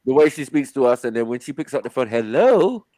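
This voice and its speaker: A man's voice: medium pitch, rapid-fire. A man joking with friends during casual livestream banter. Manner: joking, lively. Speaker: panelist.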